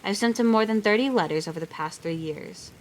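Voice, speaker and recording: A woman's voice: medium pitch, fairly quick, slight background noise. A woman reading a novel aloud on a live stream, reading steadily and breaking off now and then for chatty reactions. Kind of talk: live read-aloud with asides.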